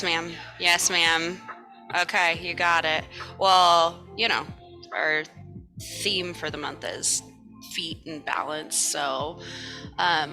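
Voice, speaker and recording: A woman leads a morning yoga class in a relaxed, chatty way, moving into slow, soothing breath cues. Her voice sits a little low but comes across bright and forceful, with faint music playing behind her. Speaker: yoga instructor.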